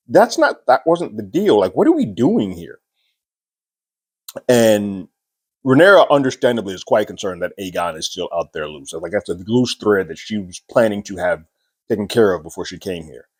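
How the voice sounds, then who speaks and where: A man's voice: on the low side, husky. A man casually recapping a TV episode, chatty and amused, paraphrasing scenes with frequent fillers. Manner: amused, laughing between points. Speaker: TV show recap host.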